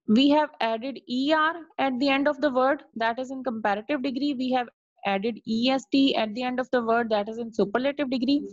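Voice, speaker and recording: A woman teacher giving an online grammar lesson, explaining slowly and repeatedly asking if it is clear. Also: high voice, no room sound. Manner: slow, repetitive explaining, checking in with "clear?". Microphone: video call. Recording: dull lo-fi video call audio.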